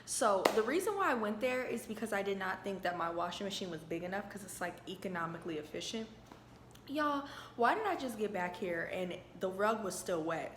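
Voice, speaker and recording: A woman's voice: mid-range voice, a little hiss or hum. Chatty woman vlogger in an echoey room. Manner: animated storyteller, addresses viewers as y'all. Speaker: lifestyle vlogger. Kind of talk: chatty story-time vlog. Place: her apartment, indoors. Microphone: camera held close to face.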